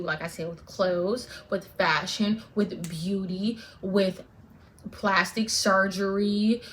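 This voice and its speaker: A woman's voice: medium pitch, slight background noise. A woman vlogger ranting straight to camera, fervent and profane, repeating lines for emphasis. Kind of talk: direct-to-camera rant.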